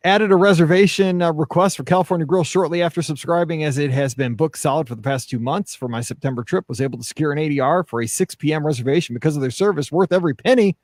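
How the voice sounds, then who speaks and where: A man's voice: on the high side, fast, few pauses, darkish tone, no echo, studio quality. A man hosting a casual podcast, chatty and laughing easily, reading listener questions aloud. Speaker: podcast host. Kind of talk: casual chat.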